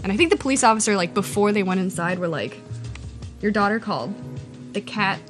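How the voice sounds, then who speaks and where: Animated woman telling a story. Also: medium pitch, a little fast, over music. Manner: animated, acts out dialogue. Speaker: podcast co-host. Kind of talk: casual storytelling chat.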